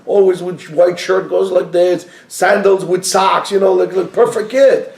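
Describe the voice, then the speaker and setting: High-voiced animated man teaching Torah. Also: a little slow, gravelly, echoey room, slight background noise. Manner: animated, joking, mixes in Hebrew phrases. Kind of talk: lively Torah class.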